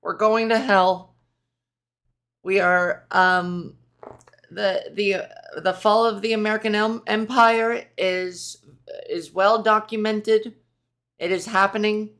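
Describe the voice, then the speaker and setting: A woman's voice: medium pitch, fairly even intonation, takes it slowly, long pauses, fairly bright tone. A woman hosting a solo podcast, ranting in a profane, sarcastic, rambling way. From Canada. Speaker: podcast host. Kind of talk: casual solo podcast rant.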